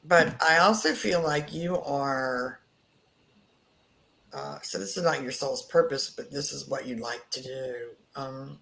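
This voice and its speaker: A woman giving a psychic reading, slowly searching for words and repeating herself. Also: very deep voice, vocal fry, fairly bright tone, a little hiss or hum. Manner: slow, repetitive, searching. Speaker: psychic reader. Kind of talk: spoken reading.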